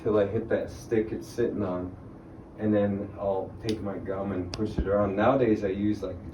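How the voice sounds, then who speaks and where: Rambling storyteller man, echoey room. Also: fairly low pitch. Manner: rambling, laughing, acts out quotes. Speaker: guest speaker on native arts. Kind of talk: casual storytelling talk. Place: library room. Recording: echoey room, distant mic, background noise.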